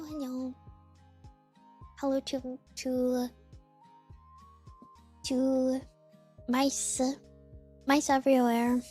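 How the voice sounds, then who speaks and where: A young woman streaming, chatting casually and excitedly greeting her chat one by one. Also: high-pitched. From United States.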